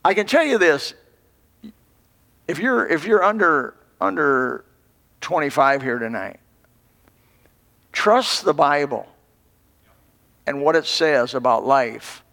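Older male pastor, folksy rambling sermon, slightly high voice, long hall echo. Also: animated, slow pace, gravelly, pauses often, fairly bright tone. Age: 60s. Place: church.

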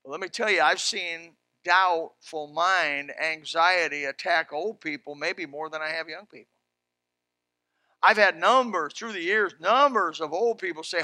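Bright, fervent preaching man. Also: high voice, normal speed, no echo. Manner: fervent, folksy preaching that swings from hushed to loud. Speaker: pastor. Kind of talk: sermon.

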